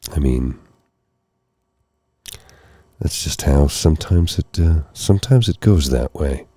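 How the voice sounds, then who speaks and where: A tired, hoarse man hosting a soft-spoken ASMR live stream, rambling gently and apologizing often. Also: a bass voice, expressive, takes it slowly, dry recording. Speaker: ASMR host. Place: candlelit room at home. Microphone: close mic for ear-to-ear speaking.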